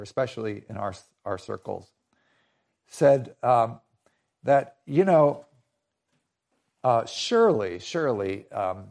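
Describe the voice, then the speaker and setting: A man's voice: mid-range voice, creaky, a little mellow. A man preaching a conversational sermon, often restarting and repeating his phrases.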